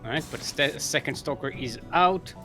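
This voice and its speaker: A man's voice: mid-range voice, moderate pace, sharp tone, soft background music. Chatty male game caster. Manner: rambling, chatty, with frequent fillers. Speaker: esports caster. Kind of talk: live game commentary.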